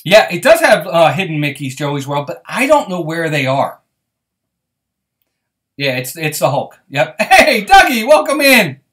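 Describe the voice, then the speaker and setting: A man's voice: a little high, very animated, unhurried, fairly bright tone. A man hosting a casual live stream, chatting and greeting viewers by name as he reads their comments. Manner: friendly, reassuring tone with viewers.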